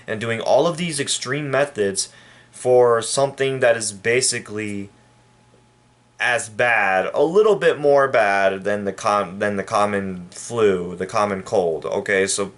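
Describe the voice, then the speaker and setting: A man from El Paso, Texas, giving a rambling, halting and indignant opinion rant to his viewers. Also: lowish voice. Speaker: vlogger. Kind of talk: casual opinion rant to camera.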